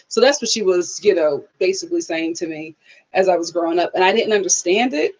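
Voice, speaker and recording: Animated woman storyteller on a live stream. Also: lowish voice, a little fast, dull audio. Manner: animated storyteller who acts out quotes and laughs often. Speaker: live-stream reviewer reading viewer comments. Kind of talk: casual live-stream chat.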